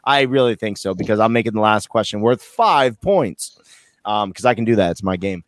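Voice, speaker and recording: Lively joking quiz host, a man. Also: fairly low pitch, normal speed, no echo. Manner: joking, laughing, swearing. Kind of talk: casual group quiz chat.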